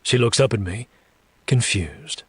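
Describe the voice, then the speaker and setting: Husky low-voiced man narrating a story. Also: lively intonation, fairly bright tone, dry recording. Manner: slow, deliberate, low reading with menacing asides. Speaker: story reader. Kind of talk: first-person audiobook narration.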